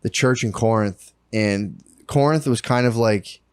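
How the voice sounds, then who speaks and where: A man's voice: fairly low pitch, a little slow, smooth, no room sound. A man co-hosting a comedy podcast, telling a story with lots of swearing and acting out the people in it. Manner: animated storytelling full of swearing, acting out quotes. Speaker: podcast co-host. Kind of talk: casual comedic podcast chat. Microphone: podcast mic.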